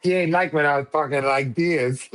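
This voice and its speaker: A man hosting a casual live boxing stream, loose and profane, teasing viewers and shouting out donors. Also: fairly high pitch, normal speed. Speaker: livestream host.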